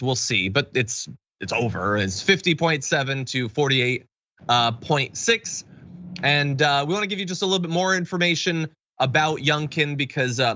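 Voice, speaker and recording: A man's voice: on the high side, bright, forceful tone, no echo, lo-fi sound. A man hosting a live political news show, delivering the stories with dry, sarcastic commentary. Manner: sarcastic, wry and quick. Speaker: news talk show host.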